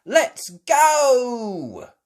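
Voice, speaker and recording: A woman voicing an excited little girl piglet who squeals and exclaims loudly. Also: a little high, extremely slow, voice pushed up, heavily acted.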